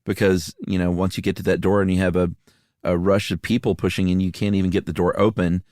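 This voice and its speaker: A man co-hosting a podcast, explaining events in a steady, casual way with frequent "uh" fillers and dry asides. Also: low-pitched, quick pace, no room sound. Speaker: podcast co-host. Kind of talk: casual conversational storytelling.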